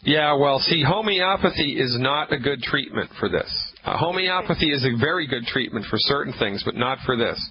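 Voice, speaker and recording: A man's voice: medium pitch, animated, moderate pace, hardly any pauses. A man hosting a call-in radio advice show, talking emphatically and repeating his points for callers. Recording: dull radio broadcast audio with faint noise.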